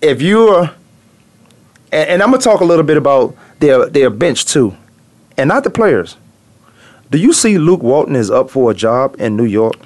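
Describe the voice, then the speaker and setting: A man hosting a casual sports talk show, emphatic and teasing, dropping low for asides. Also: very animated, moderate pace, long pauses, a little mellow.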